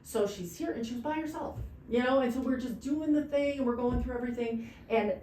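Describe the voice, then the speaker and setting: A woman who owns a bridal boutique, telling stories in a casual podcast chat with excited bursts. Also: high voice, fairly quick. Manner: animated storyteller, excited bursts. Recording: roomy, distant mic with faint noise.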